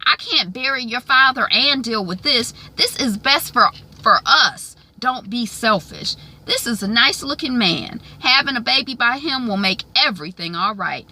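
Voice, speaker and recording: Lady doing a nagging bossy mom, high and shrill, real sharp. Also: expressive, normal speed, few pauses, heavily acted. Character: pushy middle-aged woman, a domineering mother.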